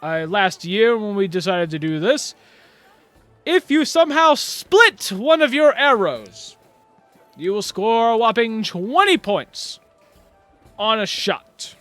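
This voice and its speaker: A man voicing a boisterous male archery tournament announcer who proclaims loudly and stumbles over fillers. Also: high voice, lively intonation, dry recording, faint music behind, pitched above the performer's own voice, full character voice. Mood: proclaiming. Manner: loud, proclamatory, halting with fillers.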